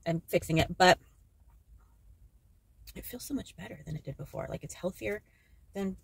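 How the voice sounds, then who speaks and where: A woman giving a casual tarot card reading to camera, excitable and joking, swearing freely as she talks to her viewers. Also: on the low side, moderate pace, vocal fry, slight background noise. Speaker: tarot reader.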